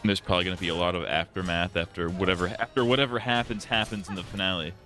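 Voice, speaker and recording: A man's voice: low-pitched, steady tone, quick pace, sharp tone, soft background music. A man streaming live, chatting casually in a profane, rambling, jokey way full of restarts.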